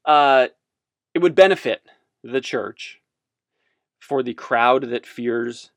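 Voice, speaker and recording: A man's voice: medium pitch, takes it slowly, no room sound, clean studio sound. A man giving casual religious commentary as a podcast host, rambling and self-amused, wandering off on tangents.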